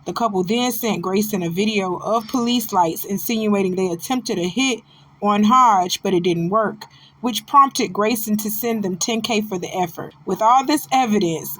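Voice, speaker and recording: A woman hosting a casual celebrity gossip commentary, animated and preachy, calling her listeners baby. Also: medium pitch, slight background noise. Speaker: host.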